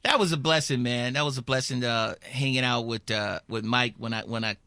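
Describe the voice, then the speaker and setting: A comedian man telling animated stories in a radio interview, acting out voices and laughing often. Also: mid-range voice, brisk, dry recording, clean studio sound. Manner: lively storyteller, acts out voices, laughs a lot. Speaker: comedian guest.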